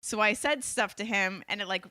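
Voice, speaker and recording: A woman's voice: mid-range voice, moderate pace, pushed and bright, no room sound, studio quality. A young woman co-hosting a casual podcast, giggly and bashful, easily embarrassed. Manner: giggly, bashful, self-conscious. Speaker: co-host.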